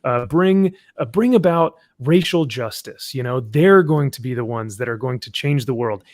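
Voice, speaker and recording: A man's voice: mid-range voice, moderate pace, dry recording. A man hosting an online panel chat, joking around and reading out viewer messages. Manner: jokey, reads out viewer messages. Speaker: host.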